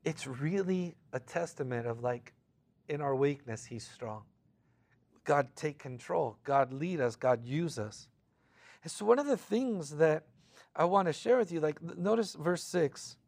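Animated, fairly high-voiced male pastor. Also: a little slow. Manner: casual and animated, acts out quoted voices, frequent fillers. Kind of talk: conversational sermon.

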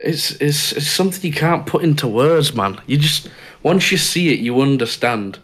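Northern english bloke from barnsley, lively up-and-down voice, crude jokey banter. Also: male voice, a little high, normal speed. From Northern England. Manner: jokey, swears freely, puts on bits. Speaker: guest. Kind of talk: casual podcast chat.

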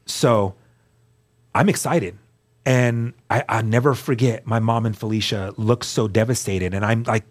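Earnest male guest, lowish voice, candid storytelling with frequent restarts. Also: unhurried. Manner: earnest, repeats words as he restarts. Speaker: guest sharing his testimony.

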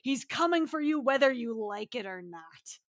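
Brief: woman mimicking theatrical scolding professor, loud and projected, high pitched. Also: animated, moderate pace, dry recording, studio quality. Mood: scornful. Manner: booming stage delivery. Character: stern theatrical older male professor.

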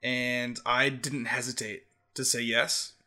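Laughing as he goes, a twenty-something man shares a funny story while co-hosting a casual podcast. He's animated but takes it slowly, in a mid-range voice.

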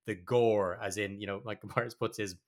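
A low-voiced man chatting on a podcast, loose and profane, often tripping over his words and circling back to finish a thought. He talks casually about what he has been watching and playing. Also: fairly even intonation, normal speed. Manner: rambling, sweary, with many restarts. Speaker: podcast co-host. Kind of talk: casual chat.

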